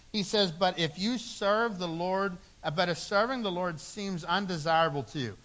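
A man's voice: high-pitched, bright, forceful tone. A middle-aged man preaching a sermon, earnest, repeating phrases for emphasis. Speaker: pastor.

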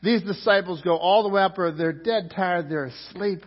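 A man's voice: high-pitched, normal speed, husky, in a large hall, lo-fi sound. A man preaching a sermon as pastor, in a loose, conversational way that repeats words and asks the crowd questions.

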